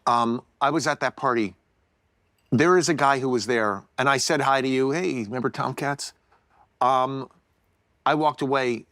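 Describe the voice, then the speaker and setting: A man as a podcast guest, chatty and animated, telling stories and laughing along. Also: medium pitch, normal speed, pauses often, no room sound. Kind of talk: casual chat.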